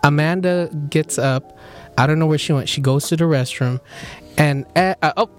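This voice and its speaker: A man's voice: fairly high pitch, normal speed, soft background music. A young man hosting a podcast, animatedly telling a dream story with laughs, casual chat among friends. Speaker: podcast host.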